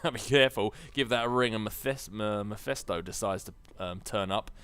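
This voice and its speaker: A man's voice: on the low side, steady tone, moderate pace, a bit bright, smooth. A man giving casual, jokey commentary over a video game, musing aloud and laughing often. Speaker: gameplay commentator. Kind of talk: casual Let's Play commentary.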